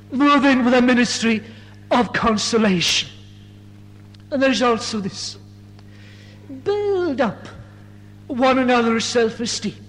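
A man's voice: very high voice, big-room sound, rough recording. A man preaching a sermon from the pulpit, earnest and emphatic, piling up rhetorical questions.

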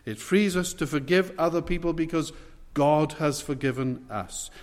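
Earnest preacher in a reverberant hall. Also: male voice, fairly high pitch, a little mellow. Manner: measured, earnest, emphatic on key words. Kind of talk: expository sermon.

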